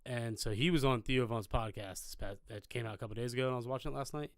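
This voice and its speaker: A man co-hosting a podcast, rambling through stories with plenty of profanity. His voice sits at a middling pitch, and the sound is dry and close to the mic. It feels like relaxed, casual banter. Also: fast talker, dry recording. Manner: loose, rambling storyteller with lots of profanity. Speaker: podcast co-host. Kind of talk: casual chat. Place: live podcast recording.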